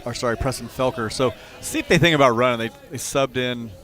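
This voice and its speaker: A man doing color commentary on a live high school baseball game, with relaxed, rambling analysis full of restarts. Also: brisk. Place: outdoor ballpark.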